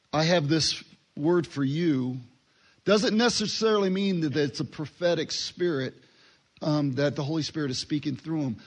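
A man giving a relaxed Bible teaching, talking conversationally and acting out short dialogues. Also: sits high. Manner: conversational, acts out little dialogues, fillers.

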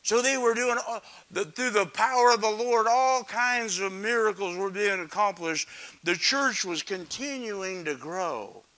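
Male preacher, high and bright, slow and dramatic, loud-to-whisper sermon delivery. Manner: dramatic, swings from loud calls to hushed near-whispers; asks the congregation questions.

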